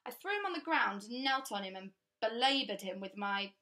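A woman's voice: a little high, lively intonation, moderate pace, sharp tone. A woman voicing a stern, gaunt older governess who speaks in a dry, blunt, matter-of-fact way.

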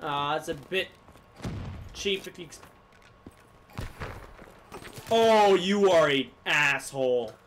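A man giving live gameplay commentary as a gaming YouTuber, swinging from low muttering to sudden yelling. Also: lively intonation, a little slow, a little hiss or hum.

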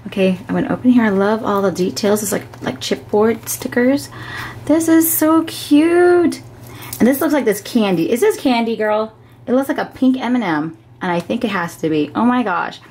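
A woman hosting her crafting channel, chatting casually as she opens packages and gushes with excitement. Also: medium pitch, fairly quick, a little hiss or hum. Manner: gushing, gasping with excitement. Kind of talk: casual unboxing vlog.

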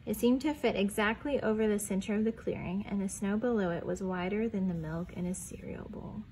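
A young woman reading a picture book aloud to preschoolers in a gentle storytelling voice, stopping to ask the children questions and dropping to a whisper on the quiet lines. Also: mid-range voice, brisk, slight background noise, rough recording.

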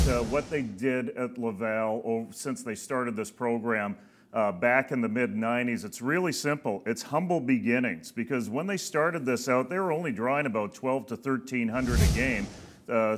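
A man on a sports talk panel, talking casually with many hesitations. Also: mid-range voice. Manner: hesitant, frequent fillers. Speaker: show producer and panelist.

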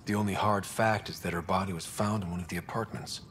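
A steady young pathfinder who probes with questions in a low, level voice. The game audio has long reverb and faint noise behind. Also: male voice, fast talker. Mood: inquisitive. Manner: inquisitive, level. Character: curious young male pathfinder hero, steady.

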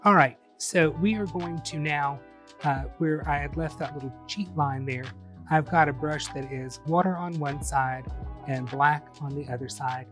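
A man calmly talking through a step-by-step painting tutorial, explaining each brushstroke as he goes. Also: fairly high pitch, faint music behind. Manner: friendly, unhurried, explains each brushstroke as he works. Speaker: painting instructor.

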